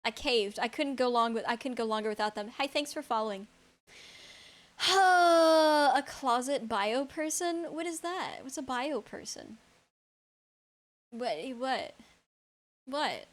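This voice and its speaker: A young woman streamer rambling in casual chat with her viewers, blunt and quick to laugh, swearing freely as she answers chat. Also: on the high side, expressive, a bit bright. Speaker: live streamer.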